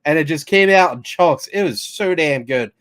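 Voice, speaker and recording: A man's voice: a little high, expressive, normal speed, a bit bright. Laid-back man on a sports podcast. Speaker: podcast co-host. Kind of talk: casual sports talk.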